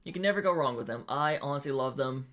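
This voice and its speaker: Young man, casual streamer, nervous and hesitant, lots of fillers, mid pitch. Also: animated, fast talker, a bit bright. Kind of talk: casual live stream chat.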